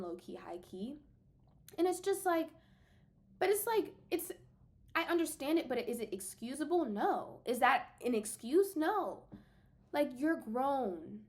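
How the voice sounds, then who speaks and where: A young woman in her late teens or early twenties with a high voice, unloading her frustrations on camera. Her pitch leaps and dives all over as she vents, emphatic and exasperated, and she speaks straight to her audience like she's catching up with friends. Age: young adult. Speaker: vlogger. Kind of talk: casual venting to the camera.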